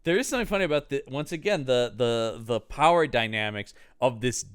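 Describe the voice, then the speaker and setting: A man's voice: mid-range voice, brisk, smooth. A man co-hosting a casual movie podcast, acting out characters' lines as he talks. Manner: animated, acts out characters' lines. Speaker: podcast co-host. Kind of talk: casual movie review chat.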